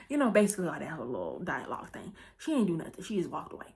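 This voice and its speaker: A woman hosting her vlog, recapping a movie in a breezy, chatty way, full of quick asides and "okay?" check-ins. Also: sits low, wildly swooping pitch, a little mellow. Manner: breezy and playful, with asides and quick self-corrections. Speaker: vlog host. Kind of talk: casual chat movie recap.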